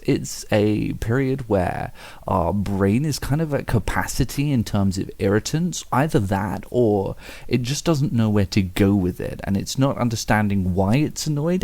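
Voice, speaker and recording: A young man rambles through his thoughts for his channel, circling back with fillers and self-mocking swears. His voice sits on the low side, and the sound is dry and close with no room around it. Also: mellow, dry recording. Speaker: vlogger. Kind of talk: reflective casual monologue.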